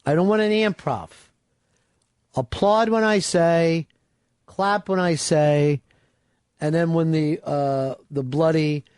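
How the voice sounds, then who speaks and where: A man's voice: on the high side, a little mellow, no room sound, clean studio sound. Brash profane male radio host. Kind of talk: casual radio banter.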